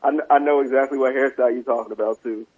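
A man co-hosting, chatting casually with short, relaxed reactions. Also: mid-range voice, rapid-fire, breathy edge. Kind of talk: casual chat. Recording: dull lo-fi sound.

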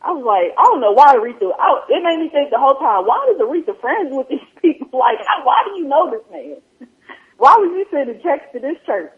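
A woman's voice: high-pitched, fairly quick. A woman chatting casually with lots of laughter, quoting herself as she talks. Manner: animated, laughing, quotes herself a lot. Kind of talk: casual podcast chat. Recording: tinny phone-line sound.

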